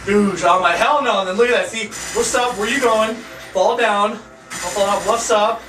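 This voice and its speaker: A young man giving excitable gameplay reaction commentary, trash-talking with loud outbursts. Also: high-pitched, moderate pace, music in the background. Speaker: gaming YouTuber. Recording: echoey room, distant mic, noisy.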